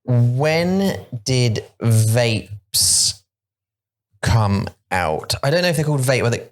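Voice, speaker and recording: A man's voice: mid-range voice, animated, slow pace. A man hosting a podcast in casual bilingual chat, rambling and playful with many restarts. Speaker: podcast host.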